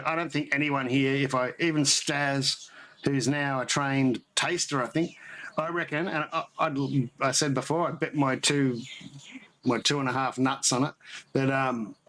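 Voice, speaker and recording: Tasting beer during his homebrewing livestream, this man keeps up a rambling, casual live chat and keeps correcting himself. He speaks at a moderate pace in a steady, fairly bright mid-range voice, though the audio quality is poor.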